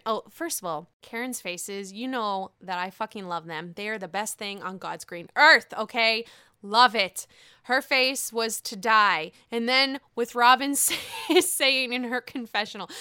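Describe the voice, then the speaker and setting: A woman chatting through a gossipy recap with a bright, crisp voice pitched a little high. She laughs often and swears freely. The sound is close and dry. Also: measured pace, dry recording. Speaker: reality TV recap vlogger. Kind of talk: casual commentary.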